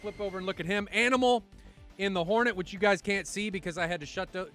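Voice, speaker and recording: A man commentating a live flight-simulation match stream in a chatty, excitable way, swearing now and then and poking fun at himself. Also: high voice, fast talker, soft background music. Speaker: esports commentator.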